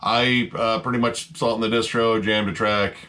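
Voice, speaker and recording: Laid-back bright-voiced metal reviewer man. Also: lowish voice, level tone, normal speed. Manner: laid-back, filler-heavy, swears freely, enthusiastic. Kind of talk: casual review monologue.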